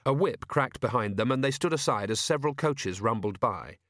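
A man narrating an audiobook in a steady, wry storytelling manner. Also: medium pitch, normal speed, no echo, studio quality. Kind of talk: scripted narration.

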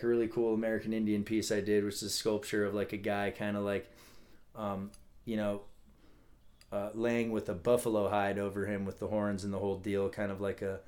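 A man's voice: fairly low pitch, darkish tone. A man from California, a guest on a podcast, talking casually with many restarts and fillers. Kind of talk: casual chat.

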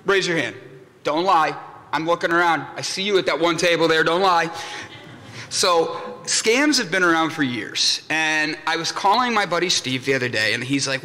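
Young male keynote speaker, jokey storyteller, bright lifted voice, reverberant hall. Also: on the high side, expressive, moderate pace. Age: young adult. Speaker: conference speaker. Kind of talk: comedic keynote talk to a live audience. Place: conference hall. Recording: long hall reverb from a conference room.

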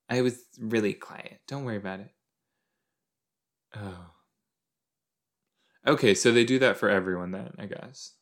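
A man's voice: lowish voice, measured pace, long pauses, a bit bright. Rambling, jokey male podcaster. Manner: rambling, jokey, thinks aloud. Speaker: podcast host. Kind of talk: casual rewatch commentary. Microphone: desk microphone with a cord.

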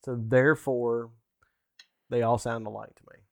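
A man's voice: mid-range voice, little pitch movement, normal speed, gravelly, dry recording, studio quality. A man, co-hosting a casual podcast chat and teasing dryly. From Southern United States. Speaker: podcast co-host.

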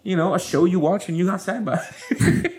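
A man hosting a podcast, chatting casually with his wife in an animated way, laughing and filling his talk with "like" and "you know". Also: sits high, moderate pace. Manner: animated, laughing, loaded with fillers. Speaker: podcast host.

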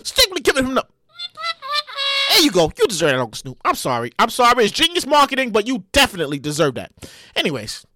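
Wildly animated, bright-voiced male podcaster. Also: high voice, quick pace, dry recording. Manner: animated and profane, with sudden loud outbursts; addresses listeners directly. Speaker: podcast host. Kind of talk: casual solo podcast commentary.

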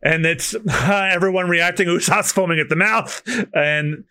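A man co-hosting a podcast, chatting excitedly and laughing as he reads a manga aloud. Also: high-pitched, moderate pace, clean tone, no room sound, studio quality. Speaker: podcast co-host. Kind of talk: casual chat, reading manga aloud.

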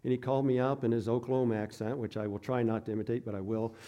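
Man, pastor, sermon, casual storytelling, warm tone. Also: mid-range voice, fairly even intonation, rapid-fire, lo-fi sound. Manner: conversational, self-deprecating storytelling.

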